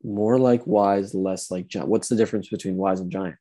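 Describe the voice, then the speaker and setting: A man's voice: on the low side, fairly even intonation, normal speed, mellow. A young man co-hosting a podcast over a remote call, chatting casually, laughing easily and restarting his sentences. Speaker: podcast co-host. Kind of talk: casual chat.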